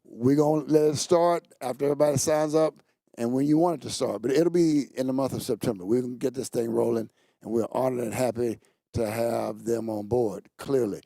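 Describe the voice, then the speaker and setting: A pastor who hosts a church talk show makes casual announcements on a studio set, playfully joking with the crew and jumping around in pitch. His voice is gravelly and fairly quick, and the recording has no room sound.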